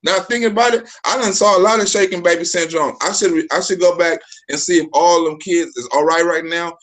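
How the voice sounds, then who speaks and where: High-voiced man chatting on a livestream. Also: fairly even intonation, brisk. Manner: loose slangy talk with swearing, bursts of shouting. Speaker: livestream host. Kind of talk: casual livestream chat.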